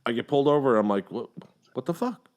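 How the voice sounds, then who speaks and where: A middle-aged man hosting a casual podcast chat, telling a long story with heavy profanity and animated outbursts. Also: mid-range voice, quick pace. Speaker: podcast host.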